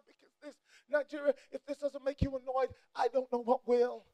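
A woman preacher delivering a fiery sermon to a congregation, swinging between shouted, repetitive exhortations and sassy asides. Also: sits high, little pitch movement, quick pace, hardly any pauses.

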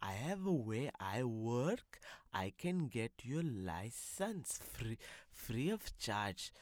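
Brief: a man as a stoned Gujarati-accented uncle, slow, low, halting mumble. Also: big pitch swings, dry recording. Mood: mumbling. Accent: Gujarati-accented English. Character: stoned rambling middle-aged Indian man. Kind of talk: comic sketch.

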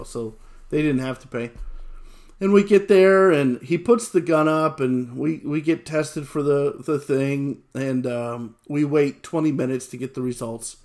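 A man telling a lively personal anecdote, acting out what people said and laughing along the way. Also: on the high side. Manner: animated storyteller who acts out quotes and laughs often.

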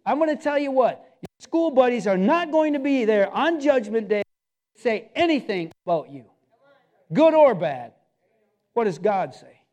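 Male pastor with a very high voice, preaching in an emphatic, repetitive style straight at the congregation. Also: big pitch swings, moderate pace, darkish tone. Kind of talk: sermon.

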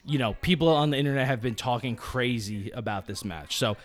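A man in easy conversation on a podcast, mid-pitched and relaxed, who keeps bursting into lively ringside-style calls. His speech is loose and full of restarts as he reacts to the action. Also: a little fast. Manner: excited, jumps into play-by-play commentary. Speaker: podcast co-host. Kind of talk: casual live-reaction chat.

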